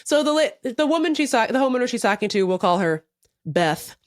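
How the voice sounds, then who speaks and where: Lively high-voiced woman podcast co-host. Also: a little fast, no echo, studio quality. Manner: animated storytelling, acts out quotes, laughs often. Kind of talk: casual chat.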